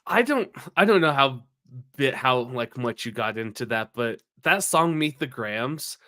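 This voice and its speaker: A man's voice: medium pitch, expressive, unhurried, bright, forceful tone. A man co-hosting a podcast in casual banter, rambling and emphatic, swearing often. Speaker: podcast co-host.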